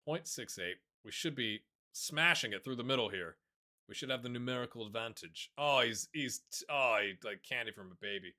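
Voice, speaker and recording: A man giving casual, excitable commentary on a football management game, chatting to his viewers and calling the players lads. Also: mid-range voice, fairly quick. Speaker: gaming YouTuber. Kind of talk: casual let's-play commentary.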